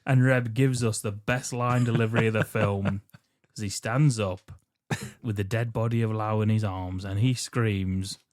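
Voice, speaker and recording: A man's voice: lowish voice, fairly even intonation, normal speed, darkish tone, no room sound. Man, dry wry plot recapper. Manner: wry, crude plot recaps with frequent laughter. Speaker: podcast co-host. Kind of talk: casual chat recapping a film.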